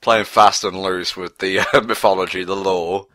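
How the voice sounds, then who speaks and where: A man's voice: deep voice, fairly even intonation, normal speed, fairly bright tone, dry recording. A man co-hosting a casual watch-along commentary, trading dry, sarcastic quips. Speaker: commentary co-host.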